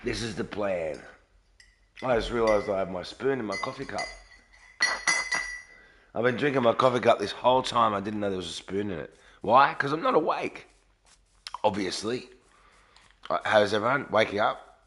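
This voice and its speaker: A man live-streaming a game early in the morning from a garage, talking quietly and sleepily while reading out chat. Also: lowish voice, moderate pace, pauses often, noisy background. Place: garage with echo.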